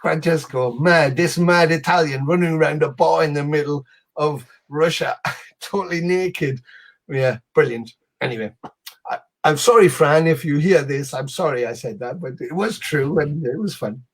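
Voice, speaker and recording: A man guest telling animated, sweary anecdotes over a video call. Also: fairly high pitch, moderate pace. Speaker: musician guest. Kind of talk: casual storytelling.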